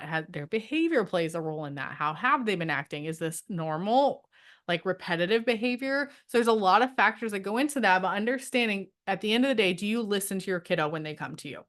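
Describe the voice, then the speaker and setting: A middle-aged woman leads an online training for homeschool parents from her home, a dog close by. Her mid-range voice is animated, brisk and fairly bright, and she keeps things conversational, frequently asking "right?" and imitating parents and teens.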